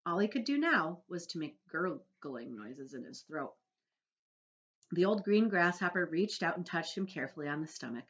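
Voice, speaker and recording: Woman teacher, expressive read-aloud, animated, muffled home recording. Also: on the low side, normal speed. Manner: expressive storytelling.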